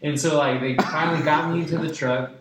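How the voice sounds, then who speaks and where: A man's voice: a little high, fairly even intonation, a little fast, background noise. A young man telling a rambling, profane story full of "like" and laughing as he goes. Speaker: podcast guest. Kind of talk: casual storytelling. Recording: roomy room with loud laughter.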